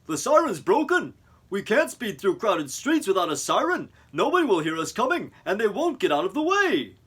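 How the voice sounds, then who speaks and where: A man voicing an adult male fire chief in a children's storybook reading, loud and exclaiming. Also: high-pitched, huge pitch swings, normal speed, husky, voice pushed up, heavily acted.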